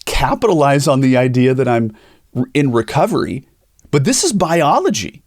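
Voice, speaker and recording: A man's voice: mid-range voice, moderate pace, breathy edge, no room sound, studio quality. A middle-aged man, a pastor hosting a podcast, telling personal stories in candid conversation and acting out the people he quotes. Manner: animated storytelling, acts out quoted voices.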